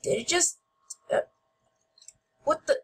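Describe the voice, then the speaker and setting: A woman giving playful gameplay commentary as host, goofy and shouting mock-angrily at other players. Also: slow pace, slight background noise.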